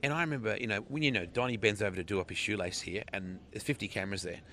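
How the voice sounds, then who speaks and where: An Australian man chats freely in a radio interview, telling stories with animated energy. His voice sits low but carries a bright, forward ring. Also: very fast. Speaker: guest, sprint car tour organizer. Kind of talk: casual interview chat.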